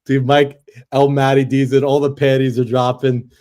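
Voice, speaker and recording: Mellow-voiced man chiming in. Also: mid-range voice, level tone, normal speed. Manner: short teasing interjections. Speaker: podcast co-host. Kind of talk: casual chat.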